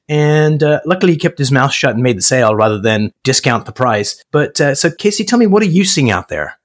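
Podcast host, male, conversational interviewer, animated storyteller. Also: on the high side, brisk, few pauses. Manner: storytelling, acts out quoted voices.

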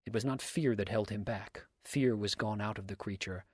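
A man narrating a story aloud in a measured, even way. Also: on the low side, breathy edge, dry recording, studio quality. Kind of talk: audiobook narration.

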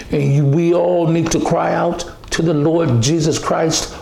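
A man preaching a sermon, slow and emphatic, repeating phrases and restarting often. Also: fairly high pitch, gravelly, a little mellow, reverberant.

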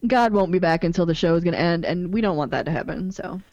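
A woman's voice: on the low side, quick pace, a little mellow, no room sound, muffled recording. A woman from upstate New York co-hosting a casual podcast, chatty and self-deprecating. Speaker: podcast co-host.

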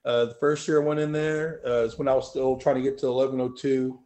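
A man telling stories as a powerlifting guest in a casual interview, animated and swearing freely. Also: medium pitch, fast talker. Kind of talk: casual storytelling.

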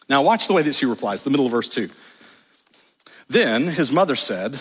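A male pastor delivers an animated, emphatic sermon with wry asides. His husky, slightly high voice swings widely in pitch. It rings with the long reverb of a large church hall. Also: normal speed.

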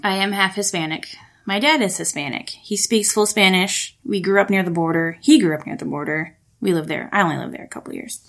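Young woman cohosting a film podcast, chatty, lots of ums, laughs a bunch, middle pitch. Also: fairly quick, vocal fry. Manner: chatty, laughs often, many fillers. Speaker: podcast co-host. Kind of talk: casual chat reviewing films.

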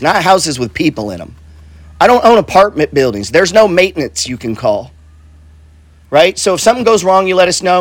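A man's voice: high voice, no echo. Blunt, swearing man talking money. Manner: blunt, profane, repeats himself, says "right?" and "bro". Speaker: real estate investor and coach. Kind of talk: casual motivational talk.

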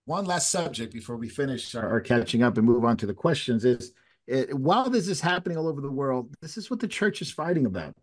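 A man's voice: mid-range voice, animated, quick pace. A man hosting an informal discussion, talking in a conversational way with frequent restarts. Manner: conversational, many restarts and fillers. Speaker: host. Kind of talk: casual chat. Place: Latin America.

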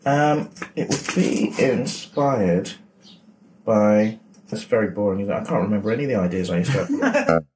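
A man's voice: lowish voice, lively intonation, moderate pace. A man, a comedian guest, chatting in a dry, self-deprecating, rambling way in his home kitchen. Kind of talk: casual interview chat. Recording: roomy kitchen, distant mic, faint noise.

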